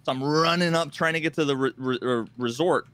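A man's voice: on the high side, brisk, a bit bright. A man co-hosting a casual gaming podcast, rambling with many restarts and acting out other players' lines. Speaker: podcast co-host.

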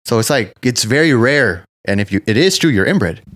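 A man's voice: medium pitch, expressive, normal speed, a bit bright, no echo. Man telling crude stories on a podcast, dry sound. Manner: profane storyteller, retells stories acting out the people in them. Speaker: podcast co-host. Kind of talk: casual podcast chat.

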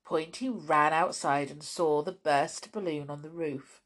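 Woman, children's storyteller, expressive, chatty, slightly low voice, unhurried. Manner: expressive and chatty, with soft asides. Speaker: children's story podcast host.

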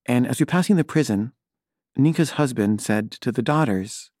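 A man's voice: medium pitch, expressive, moderate pace, darkish tone, no room sound, clean studio sound. A middle-aged man, a filmmaker, telling a personal story in a hesitant, wry, rambling way with many fillers and restarts.

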